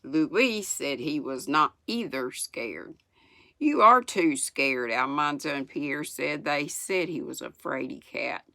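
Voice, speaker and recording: Slow, gravelly older woman reading aloud. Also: deep voice, fairly bright tone, no room sound. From United States. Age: 60s. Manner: unhurried, chuckles at the story. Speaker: storyteller. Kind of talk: reading a children's book aloud.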